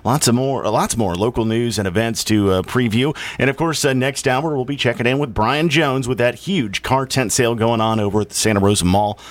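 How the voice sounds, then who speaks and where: A man's voice: mid-range voice, brisk, few pauses, no echo. A man hosting a morning radio talk show, chatting casually and laughing often. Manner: laughs often, blunt quips.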